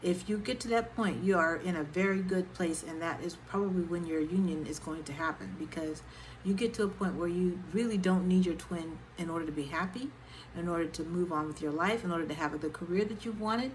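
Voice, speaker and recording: A woman's voice: lowish voice, brisk, slight background noise, low-quality recording. A woman vlogger and singer-songwriter talking casually to camera and often checking in with her viewers. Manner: conversational, keeps checking in with "okay?". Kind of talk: casual talk-to-camera advice vlog.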